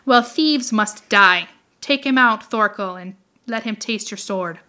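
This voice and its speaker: A woman's voice: mid-range voice, measured pace, bright, forceful tone. A woman reading as a stern, curt king. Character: stern male king, frowning, harsh.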